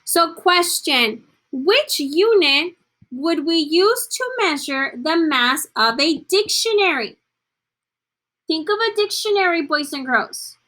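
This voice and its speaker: Slow, bright-voiced woman teaching a class. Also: very high voice, animated. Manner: encouraging, praising students by name; slips between English and Spanish. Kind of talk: online class lesson.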